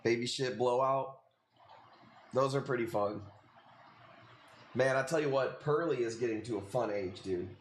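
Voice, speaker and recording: Speaking at a measured pace with long pauses, this man in his late thirties hosts a live stream, rambling profanely through a story and dropping "dude" nonstop. His voice sits in the mid-range, the room sounds spacious, and there's a little hiss or hum.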